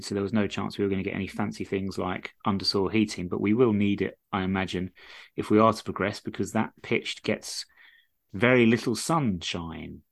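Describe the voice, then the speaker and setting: Low gravelly guy, dry sarcastic football podcast host. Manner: dry, sardonic. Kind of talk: casual football chat.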